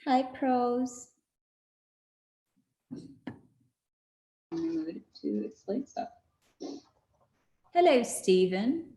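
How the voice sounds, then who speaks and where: A woman's voice: fairly high pitch, very animated, drawn-out words, pauses often, dark tone, roomy sound. A woman hosting a casual livestream, chatty and laughing often with lots of fillers. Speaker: livestream host. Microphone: video call.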